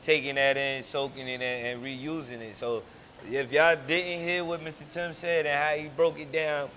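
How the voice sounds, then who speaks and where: Male host, bright and somewhat high voice, laid-back, affirming, slangy. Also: level tone, normal speed, a little hiss or hum. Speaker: interview host. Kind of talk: casual interview talk.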